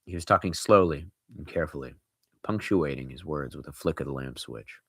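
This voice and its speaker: A man's voice: deep voice, animated, moderate pace, fairly bright tone, no room sound, studio quality. A man reading a scary story aloud, breaking in with casual, joking asides.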